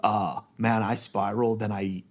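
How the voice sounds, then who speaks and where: A man's voice: fairly low pitch, little pitch movement, normal speed. A man in his thirties, a podcast guest, talking candidly and emotionally, close to tears and swearing freely. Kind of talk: candid conversation.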